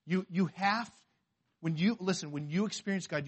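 A man from the western United States preaches with a high, slightly rough voice at a moderate pace, and the recording's highs are cut off. His sermon is lively and conversational, full of acted-out quotes and restarted sentences.

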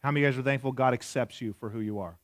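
A man's voice: medium pitch, racing, dry recording, studio quality. A man in his forties preaching a sermon in a conversational way, asking the audience questions and joking. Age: 40s. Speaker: pastor.

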